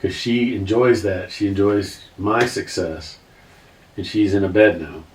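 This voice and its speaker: A man's voice: on the low side, fairly even intonation, unhurried. A man in his fifties, a podcast guest telling a heartfelt personal story, talking earnestly and often restarting his sentences. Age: 50s. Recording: roomy, distant mic with faint noise.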